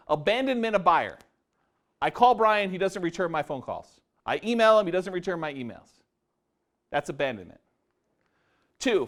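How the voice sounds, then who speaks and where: A man presenting a live seminar on real estate investing to an audience, often quizzing them with questions. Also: sits high. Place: meeting room before a live audience.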